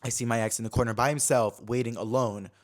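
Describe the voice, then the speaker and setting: Fast-talking young man telling a story. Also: medium pitch, fairly even intonation, slight background noise. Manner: chatty, filler-heavy, swings between dramatic and subdued. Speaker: podcast host. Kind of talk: casual storytelling chat.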